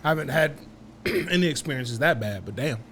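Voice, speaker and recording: A man's voice: fairly high pitch, animated, moderate pace, fairly bright tone, a little hiss or hum. A man co-hosting a podcast in casual chat, laid-back and agreeable, laughing often. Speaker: podcast co-host.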